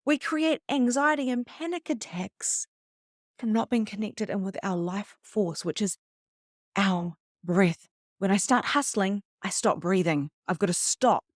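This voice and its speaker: A middle-aged woman leads a live online spiritual workshop in a chatty, animated voice. She acts out her own moments of panic as she teaches. The sound is close and dry, with no room echo. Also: medium pitch, measured pace. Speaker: spiritual coach.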